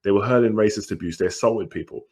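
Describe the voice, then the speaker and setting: Male podcast co-host, low-pitched, earnest, lays out a case step by step. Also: fast, darkish tone. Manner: earnest, builds points with "right?" checks. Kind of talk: casual conversational discussion.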